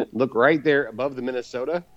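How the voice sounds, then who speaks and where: A man's voice: medium pitch, no echo, dull audio. A man co-hosting a podcast in casual chat, laughing and swearing freely. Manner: lively, swearing, laughing often. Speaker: podcast co-host.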